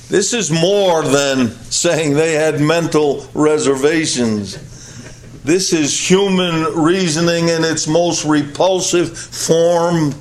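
A male pastor preaching a sermon, emphatic and repetitive, swinging between high loud peaks and low quiet drops. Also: slow pace. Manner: emphatic, repeats phrases for weight.

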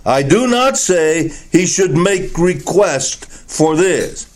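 A man preaching a sermon, teaching slowly and deliberately from the Bible with emphatic stresses. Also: fairly high pitch, expressive.

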